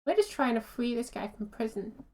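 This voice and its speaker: A woman's voice: on the high side, very animated, mellow. A woman streaming a game, chatting casually with viewers and laughing easily. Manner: chatty, amused, quick to laugh.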